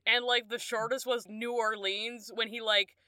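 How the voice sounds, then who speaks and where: A woman's voice: fairly high pitch, little pitch movement, moderate pace, sharp tone, clear, resonant tone, no room sound, clean studio sound. A young woman co-hosting a podcast, cracking absurd jokes in casual chat. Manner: joking, absurd quips. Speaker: podcast co-host.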